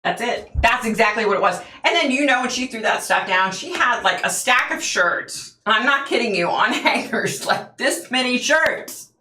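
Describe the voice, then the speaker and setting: A woman's voice: a little high, animated, normal speed, few pauses, bright, forceful tone, reverberant. A woman hosting a livestream, telling stories in a chatty way, laughing often and answering viewers' comments. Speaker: livestream host. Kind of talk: casual chat with viewers.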